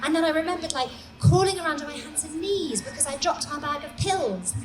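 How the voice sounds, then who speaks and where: A woman in her forties telling comic personal stories on a small comedy stage, animated and self-mocking. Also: high voice, distant mic. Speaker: storyteller. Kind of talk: comic live storytelling. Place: small comedy venue, indoors. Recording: echoey live room with background noise.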